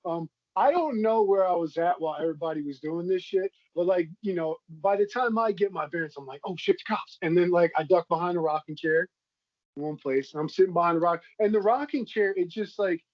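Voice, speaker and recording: High-voiced, laid-back male podcast co-host. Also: fairly quick, no room sound, highs cut off. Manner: laid-back, swearing, easygoing. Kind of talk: casual chat.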